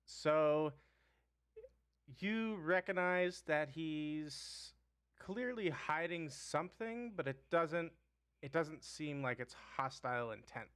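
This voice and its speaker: A man acting as game master of a live-streamed tabletop game, halting as he thinks aloud while he describes things. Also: fairly high pitch, animated, a bit bright, clear, resonant tone.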